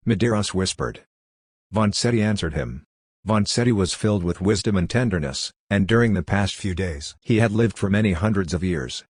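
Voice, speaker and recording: A man narrating an audiobook in a measured, even reading style. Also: low-pitched, slightly rough, no echo, clean studio sound. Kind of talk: scripted narration.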